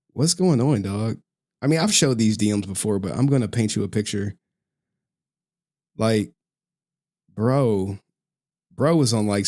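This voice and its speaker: A man with a low voice rants at an unhurried, drawn-out pace as a streamer talking to his viewers. He swears freely, leans on slang and breaks into laughter again and again. His tone stays casual and mocking throughout. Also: a little mellow. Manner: profane, laughs often, slangy.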